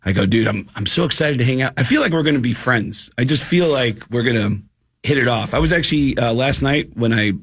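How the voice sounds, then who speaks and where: A man, a guest comedian, telling animated stories in casual chat on a radio podcast. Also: medium pitch, brisk, breathy edge. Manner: animated storyteller, doing voices in anecdotes.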